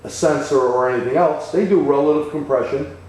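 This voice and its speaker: A man co-hosting a technical webcast who is losing his voice and sounds hoarse, chatting and prompting with tag questions. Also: a little high, brisk, darkish tone. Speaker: co-host, technical trainer. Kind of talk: casual technical discussion. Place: auto repair shop. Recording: very echoey shop, distant mic, faint noise.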